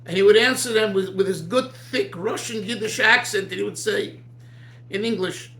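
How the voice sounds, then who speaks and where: A man teaching an informal Torah class as a rabbi, talking in an animated, digressive way with many restarts. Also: high-pitched, normal speed, echoey room.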